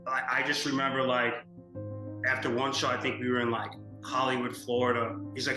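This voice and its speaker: A man's voice: medium pitch, fairly quick. Indignant man in an echoey interview. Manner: indignant, animated, many fillers like "like". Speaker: documentary interviewee. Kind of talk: documentary interview. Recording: echoey room with music underneath.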